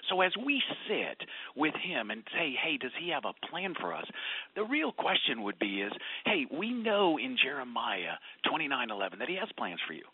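A man talking about prayer on a Christian radio show, telling stories with lively swings from loud to whispered. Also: a little high, normal speed, husky, dry recording. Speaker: radio talk guest. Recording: tinny phone line.

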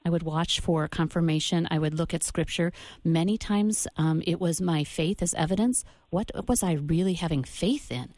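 A woman's voice: on the low side, normal speed, few pauses, darkish tone, no room sound. A woman guest on a Christian talk show, giving an earnest faith testimony with loose restarts.

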